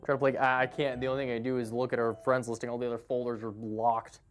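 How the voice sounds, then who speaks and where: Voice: mid-range voice, little pitch movement, fast, faint music behind. A live game streamer in casual chat, greeting viewers by name and laughing easily.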